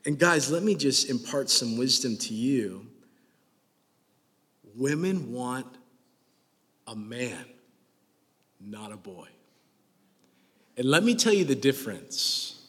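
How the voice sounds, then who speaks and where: A young man in his twenties preaches with a casual, joking delivery, teasing his listeners as he goes. His voice sits at an ordinary middle pitch. It rings with a long reverb, as in a large hall. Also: slow pace, long pauses. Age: 20s. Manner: joking, conversational preaching with rising excitement. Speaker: pastor. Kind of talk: sermon.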